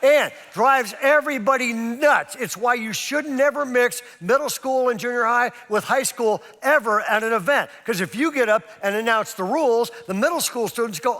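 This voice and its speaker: A middle-aged pastor preaching to a seminar audience, telling stories with lively jokey asides. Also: male voice, very high voice, moderate pace, hardly any pauses. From California. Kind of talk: sermon at a parenting seminar. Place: large church auditorium. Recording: long reverb of a large church hall.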